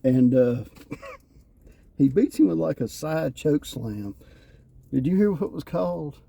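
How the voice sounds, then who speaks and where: Dark-voiced man chatting. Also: on the high side, slow pace, creaky, a little hiss or hum. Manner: animated storyteller, acts out quotes. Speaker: podcast co-host reviewing wrestling. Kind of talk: casual chat.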